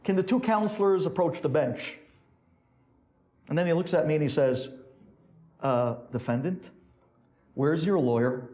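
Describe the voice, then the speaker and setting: A man's voice: a little slow, long pauses, darkish tone. A man, a rabbi, telling a sermon story and acting out each character's voice. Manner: acts out characters with big pitch swings.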